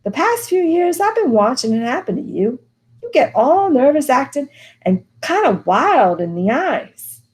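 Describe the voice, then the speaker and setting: A woman reading the part of a stern, weary older mother, speaking earnestly with her pitch lifted above her usual voice. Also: very animated, measured pace, a little mellow. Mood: pleading. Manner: earnest, pleading, dialogue read with a lifted pitch.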